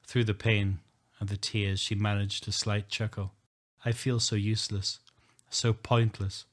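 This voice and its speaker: A man's voice: lowish voice, flat delivery, measured pace. A man narrating a first-person story in an earnest, emotional way. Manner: earnest, emotional, rising to shouting. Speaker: audiobook narrator.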